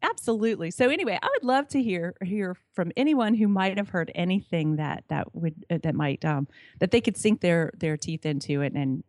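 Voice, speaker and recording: A woman's voice: fairly low pitch, normal speed, darkish tone, no echo, clean studio sound. A middle-aged woman, a podcast guest, chatting enthusiastically and often restarting her sentences. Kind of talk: casual interview chat.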